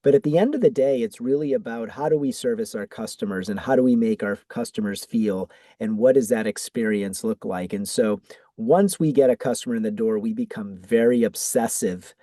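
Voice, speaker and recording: A middle-aged man from Massachusetts with a Boston accent, answering interview questions in a measured way with frequent ums and restarts. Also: mid-range voice, warm tone, no echo. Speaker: guest, ad agency founder.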